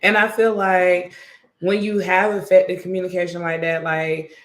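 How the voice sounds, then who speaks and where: A woman's voice: fairly low pitch, little pitch movement, moderate pace. A woman co-hosting a podcast, telling stories in a casual chat with lots of fillers. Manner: chatty storytelling with many fillers. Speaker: podcast co-host. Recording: roomy echo.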